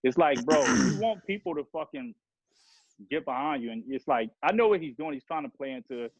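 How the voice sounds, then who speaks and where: A man's voice: a little high, sing-song, fairly quick, gravelly, slightly rough, no room sound. A man ranting heatedly and profanely on a podcast, rambling from one grievance to the next. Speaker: podcast guest rapper. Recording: dull lo-fi sound.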